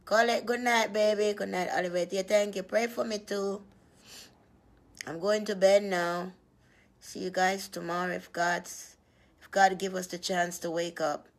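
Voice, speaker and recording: A woman's voice: medium pitch, steady tone, unhurried. A woman chatting casually with her viewers, teasing and laughing often.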